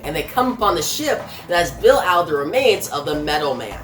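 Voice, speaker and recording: A woman recapping a comic's plot in a casual, plain retelling, pausing with fillers. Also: low voice, sing-song. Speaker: comic reviewer. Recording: roomy with faint music.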